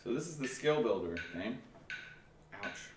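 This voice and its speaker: A man's voice: mid-range voice, very animated, normal speed. Guy teaching band class online, patient, kinda echoey room. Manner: patient, explaining step by step with restarts. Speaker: music teacher. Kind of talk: remote band lesson. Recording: echoey room, faint noise.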